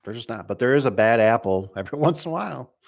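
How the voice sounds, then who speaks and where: A man's voice: medium pitch, lively intonation, quick pace, gravelly. A middle-aged man who runs a garage door business, talking casually on a livestream, rambling with many fillers and restarts.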